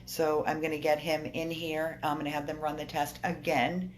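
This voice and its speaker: A woman who rescues dogs records a tearful update in an animal hospital exam room. She speaks in a low voice and sounds upset throughout. She pleads with her viewers and repeats herself over and over. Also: level tone, normal speed, slight background noise. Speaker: dog rescuer. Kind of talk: emotional video update to viewers.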